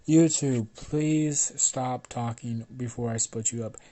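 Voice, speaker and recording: A man voicing a bored, sleepy male teacher who talks low, quiet and slow. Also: steady tone, close to an everyday voice. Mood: weary.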